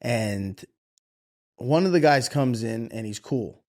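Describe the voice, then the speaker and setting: A man's voice: mid-range voice, slow pace. A man in his thirties, a podcast co-host, telling a story in casual chat, cursing freely and acting out the voices of the people in it. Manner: profane, animated, acts out quoted voices.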